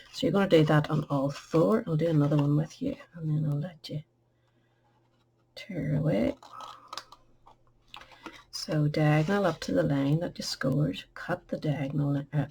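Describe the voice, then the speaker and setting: A woman's voice: low-pitched, a little mellow, slight background noise. A woman hosting a craft tutorial, giving chatty step-by-step instructions and sometimes dropping to a murmur.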